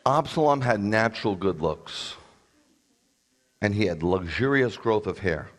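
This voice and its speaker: A man's voice: lowish voice, lively intonation, measured pace. A man who is a rabbi, preaching a sermon in a blunt, combative way with sarcastic asides.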